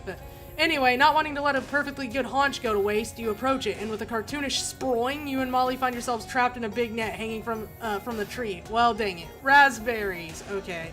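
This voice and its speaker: A woman's voice: on the high side, brisk, music in the background. A woman streamer playing a game, reading its text aloud with wry asides and frequent laughter. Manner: wry, chatty, laughs often.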